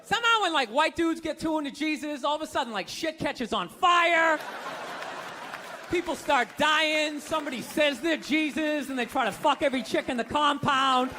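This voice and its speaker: A man doing a stand-up comedy set, ranting profanely and shouting his punchlines with incredulous disbelief. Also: very high-pitched, moderate pace. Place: comedy club stage with audience. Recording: live stand-up with crowd noise. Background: audience laughter.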